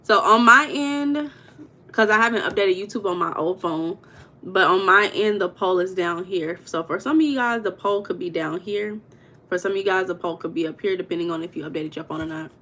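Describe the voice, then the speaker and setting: A young woman hosting a casual livestream, chatting with viewers, greeting them by name and telling stories with lively emphasis. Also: lowish voice, normal speed. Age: young adult. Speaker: livestream host.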